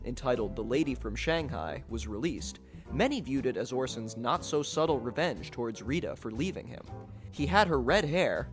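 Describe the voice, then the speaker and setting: A man narrating a podcast episode in a measured storytelling delivery. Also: medium pitch.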